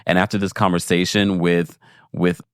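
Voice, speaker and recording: Here a man with a low, clean-toned voice at normal speed chats on a livestream, animatedly laughing while he recaps a reality show and reads out viewer comments directly to viewers. The studio-quality audio has no room sound.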